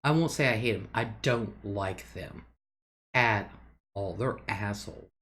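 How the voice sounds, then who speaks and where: A woman's voice: very deep voice, a little slow, fairly bright tone, a little hiss or hum. A woman hosting a casual livestream, chatting loosely, reading viewer comments aloud and laughing often. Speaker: livestream host.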